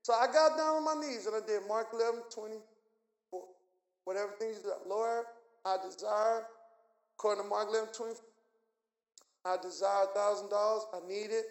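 Preacher guy with a really high voice, telling his story all animated, lots of echo around him. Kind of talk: sermon testimony. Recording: echoey room.

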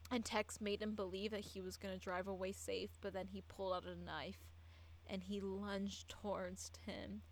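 A woman's voice: medium pitch, level tone, normal speed, poor audio. A tipsy woman telling a true-crime story in casual, rambling talk, often stumbling and restarting her sentences.

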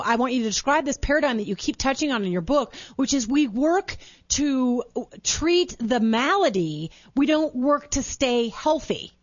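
Female talk host from Minnesota, slightly high voice, effusive and upbeat; dry, muffled broadcast sound. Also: no echo. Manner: gushing, enthusiastic, laughs often. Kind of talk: casual talk show interview. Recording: dull muffled broadcast audio.

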